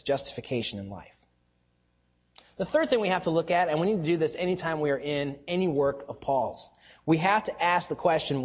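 Emphatic high-voiced male preacher. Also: breathy edge, dull audio. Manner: emphatic, explanatory, rhetorical questions. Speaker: pastor or Bible teacher. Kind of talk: sermon teaching.

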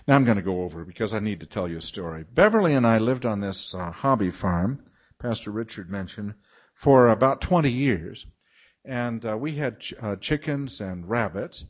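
Lively older man telling funny sermon stories. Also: fairly low pitch, moderate pace, highs cut off. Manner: chatty, self-mocking, acts out moans and laughs. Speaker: guest preacher and Bible teacher. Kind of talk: humorous storytelling sermon.

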